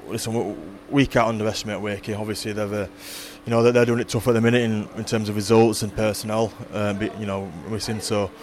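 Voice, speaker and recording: A man talking about his team's next games in an interview, halting with many fillers and restarts. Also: lowish voice, level tone, a little mellow, a little hiss or hum. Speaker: rugby league player or coach interviewed. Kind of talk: post-match style interview.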